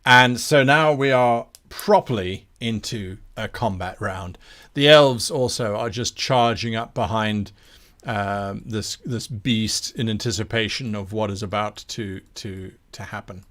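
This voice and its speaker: A man running a tabletop game as game master, narrating scenes in an unhurried, descriptive way. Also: lowish voice, fairly bright tone.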